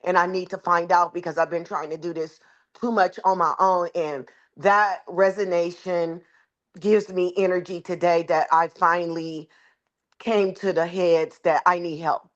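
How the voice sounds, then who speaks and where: A woman talking about her own progress with a coach on a video call, earnest and halting. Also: on the low side, steady tone, dull audio. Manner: earnest, halting, with fillers and restarts. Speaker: coaching client. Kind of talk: casual reflective sharing.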